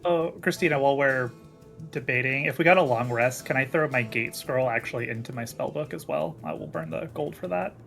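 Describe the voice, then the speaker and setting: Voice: mid-range voice, a little fast, vocal fry, fairly bright tone, faint music behind. A player at a tabletop game chatting casually, with dry, sarcastic remarks.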